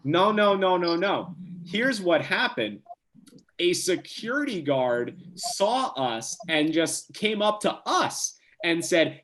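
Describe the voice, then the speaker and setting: Young male podcast guest, from New Jersey, upbeat storyteller, a bit higher voice. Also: a little hiss or hum. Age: young adult. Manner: animated storyteller, quick restarts. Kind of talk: casual anecdote telling.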